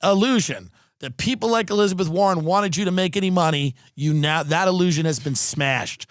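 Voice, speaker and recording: High-voiced man in a profane, sarcastic rant. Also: a little fast, no echo, clean studio sound. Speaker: podcast host, comedian. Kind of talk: comedic political rant.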